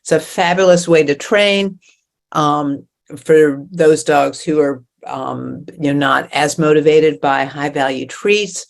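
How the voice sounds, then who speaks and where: A woman dog trainer chatting in a relaxed, thoughtful way with occasional fillers. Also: low voice, takes it slowly, creaky. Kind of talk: casual webinar chat.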